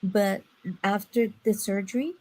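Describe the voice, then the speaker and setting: A woman's voice: mid-range voice, unhurried, a crowd in the background, rough recording. Nasal woman. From Brazil. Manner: chatty, storytelling, animated asides. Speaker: guest on a live stream. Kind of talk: casual chat.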